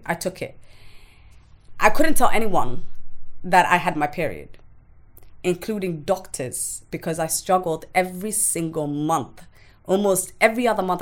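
A woman, a podcast guest recounting her own life frankly and bluntly, swearing freely. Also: lowish voice. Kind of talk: candid personal testimony in conversation.

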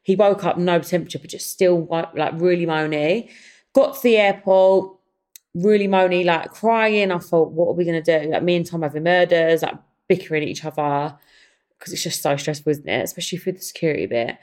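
Young girl chatting on her podcast, lively storytelling, bit low voice. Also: brisk. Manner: animated, storytelling, addresses listeners as guys. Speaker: podcast host. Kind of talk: casual chatty monologue.

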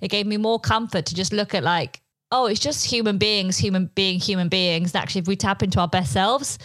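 A woman's voice: mid-range voice, fairly quick, no room sound, poor audio. A woman comedian from England, chatting as a guest and telling stories with lots of swearing. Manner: animated storyteller, swears freely, acts out quotes. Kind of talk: casual interview chat.

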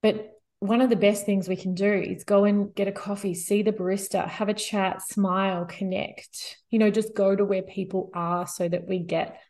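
A woman guest expert in an interview, explaining calmly and steadily with frequent "you know" fillers. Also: medium pitch, moderate pace, few pauses.

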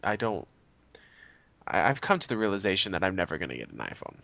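A young man co-hosting a podcast in casual chat, animated, swearing freely and laughing often. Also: low voice, quick pace, creaky, dry recording. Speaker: podcast co-host.

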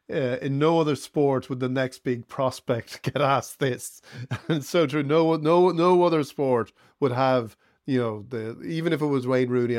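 A man co-hosting a podcast, musing aloud in casual chat with frequent "uh" pauses. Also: medium pitch, a little mellow, no room sound, clean studio sound. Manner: musing, hesitant with "uh". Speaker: podcast co-host.

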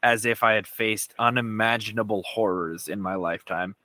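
A man at a tabletop game, mid-pitched and bright, describing his character in a dry room. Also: moderate pace, dry recording. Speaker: player.

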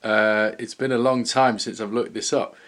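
A man's voice: fairly low pitch, fairly even intonation, moderate pace, a bit bright. A man co-hosting a podcast, chatting casually and dropping dry quips. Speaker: podcast co-host. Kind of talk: casual chat.

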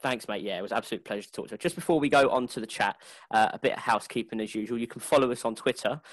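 A man hosting a podcast, moving quickly through announcements and friendly banter. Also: mid-range voice, dry recording. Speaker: podcast host. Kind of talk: casual podcast chat and announcements.

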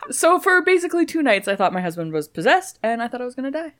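A woman's voice: a little high, fast talker, heavy background noise. A woman, co-hosting a podcast in casual chat and telling stories playfully. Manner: playful, animated storytelling. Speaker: podcast co-host.

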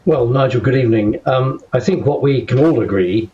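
A man's voice: mid-range voice, moderate pace, mellow, muffled recording. An older man, a guest in a studio interview, speaking firmly and measuredly and stressing key words. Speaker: guest commentator.

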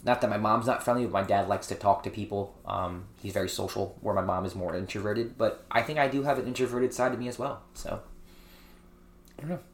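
A man talking as a guest on a podcast, calm, laid-back and reflective in casual chat. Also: fairly low pitch, fairly quick, echoey room, a little hiss or hum.

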